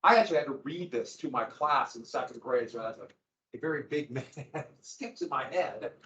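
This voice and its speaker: Animated male teacher in a roomy classroom. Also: mid-range voice, moderate pace. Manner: animated, jumps between asides and acted quotes. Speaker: history teacher. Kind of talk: classroom lecture. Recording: roomy, dull lo-fi classroom recording.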